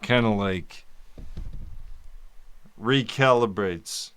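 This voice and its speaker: A man talking candidly in a personal video diary, in slow, halting speech broken by long pauses and sighs. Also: fairly low pitch, fairly bright tone, smooth. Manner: candid, informal, occasional cursing. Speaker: vlogger.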